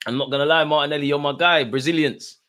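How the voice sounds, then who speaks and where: A man's voice: a little high, quick pace. A young man chatting on a live football stream, reading out super chats in a rambling, slangy way. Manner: animated, slangy, rambling with fillers. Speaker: football watch-along streamer.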